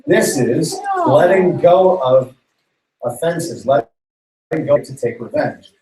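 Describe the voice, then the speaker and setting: A man's voice: a little high, expressive, takes it slowly, dark tone, echoey room, distant mic, rough recording. A man preaching to young people in a casual, slangy way, retelling a story and acting out its characters. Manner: slangy, playful, acts out characters' voices. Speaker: youth pastor.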